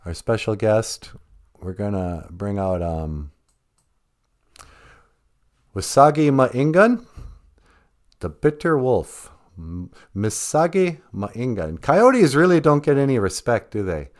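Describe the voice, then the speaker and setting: A man's voice: fairly low pitch, sing-song, darkish tone. A man hosting a playful podcast, rambling and joking as he tells stories to kids. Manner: rambling, jokey, drawn-out storytelling. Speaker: podcast host and cartoonist. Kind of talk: playful casual podcast chat.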